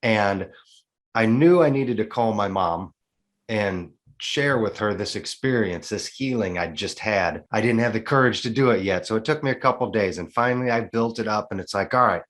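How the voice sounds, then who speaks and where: A man in his forties telling a personal story as an interview guest, earnest and animated, acting out dialogue as he goes. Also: fairly low pitch, normal speed. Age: 40s.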